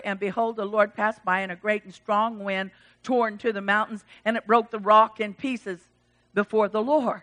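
Bright-voiced woman preaching a lively sermon. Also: mid-range voice, moderate pace. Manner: animated, swings from loud exclamations to hushed asides; acts out quoted voices of God and Elijah.

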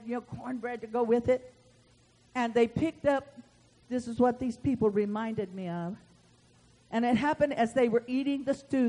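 A middle-aged woman preaching a sermon in a folksy, animated storytelling manner, acting out the voices of the people in her stories. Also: a little high, poor audio.

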